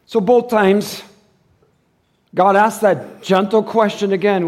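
During a church service, a male pastor with a high voice preaches slowly to his church. He is animated, shifting between loud, emphatic stretches and hushed, quiet passages.

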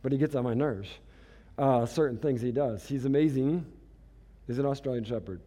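A man's voice: mid-range voice, moderate pace, mellow. A man giving a storytelling sermon as a pastor, chatty and self-mocking, laughing at himself.

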